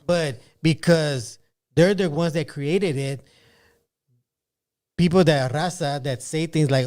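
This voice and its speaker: A man's voice: on the high side, slow, long pauses, darkish tone. A man in casual chat, laying out an argument point by point.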